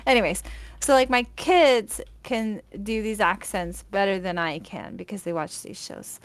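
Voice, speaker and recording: Animated woman in casual chat. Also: medium pitch, measured pace, no echo. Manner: animated, laughs often, swears casually.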